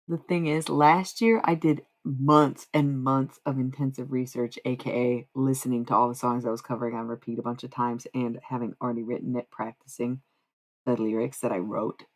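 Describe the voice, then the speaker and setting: A woman streaming live, chatting casually and profanely with her viewers, rambling between quiet musing and loud bursts. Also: rumbling low. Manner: rambling, profane, talks to chat.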